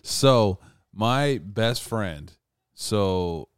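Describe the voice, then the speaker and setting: A man's voice: on the low side, animated, extremely slow, smooth, no echo, studio quality. A man telling a story in casual podcast chat, swearing freely and laughing along with his co-host. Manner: profane, laid-back, laughs along.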